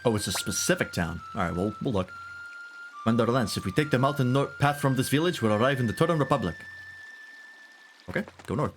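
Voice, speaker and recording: A man's voice: mid-range voice, animated, fast talker, long pauses. Joking male streamer over game music. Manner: joking, irreverent. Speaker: gaming streamer. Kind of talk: casual let's-play commentary.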